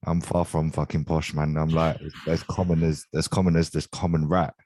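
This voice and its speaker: A man's voice: extremely low pitch, little pitch movement, moderate pace, dark tone, a little hiss or hum. A man, co-hosting a casual podcast chat, swearing freely and stumbling over repeated words. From southern England. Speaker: co-host.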